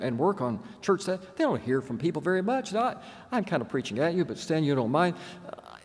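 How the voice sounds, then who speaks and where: Older man lecturing with earnest emphasis; a voice a bit high for a man, with a lingering church echo. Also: darkish tone. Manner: earnest, slows down to stress key words. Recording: long reverb from church.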